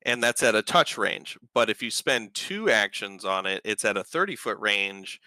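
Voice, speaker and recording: Bright-voiced man running a tabletop game. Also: fairly low pitch, expressive, normal speed, dry recording. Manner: loose, rambling narration with many fillers. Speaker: game master.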